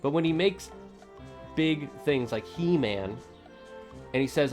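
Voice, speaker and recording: A man's voice: mid-range voice, unhurried, pauses often, soft background music. A man streaming a video game, chatting casually with his viewers in a rambling, self-correcting and opinionated way. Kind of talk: casual let's-play chatter.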